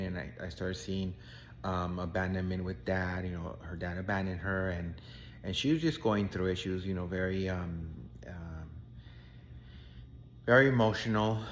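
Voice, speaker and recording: A man's voice: deep voice, slight background noise. Earnest male life coach telling a story. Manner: earnest, emphatic retelling. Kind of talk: casual storytelling.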